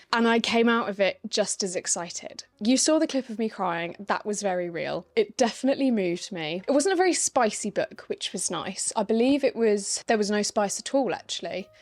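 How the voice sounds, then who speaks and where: A young woman chatting casually in a reading vlog, ranting in an exasperated way and asking rhetorical questions. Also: mid-range voice. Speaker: book vlogger.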